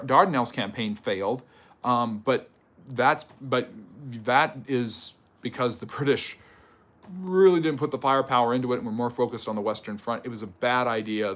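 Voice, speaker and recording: A man hosting a livestream history lecture, answering chat questions in a conversational way with fillers and quick rebuttals. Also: mid-range voice, fairly bright tone.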